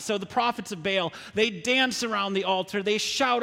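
A pastor preaching a sermon, retelling a story with frequent rhetorical questions. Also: male voice, high voice, moderate pace, creaky, hardly any pauses, bright, forceful tone, long reverb tail.

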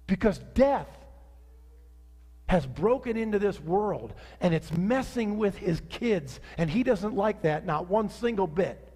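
High-voiced preaching man in a reverberant hall. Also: moderate pace. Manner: animated preaching, rising to outrage then dropping soft. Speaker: pastor. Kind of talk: sermon.

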